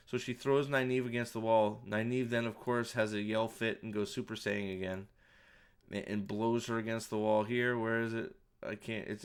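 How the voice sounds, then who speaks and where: A man's voice: on the low side, a bit bright. A man giving casual, sarcastic commentary while watching a show, mocking scenes and swearing freely. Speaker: show reviewer. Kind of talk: casual commentary over playback.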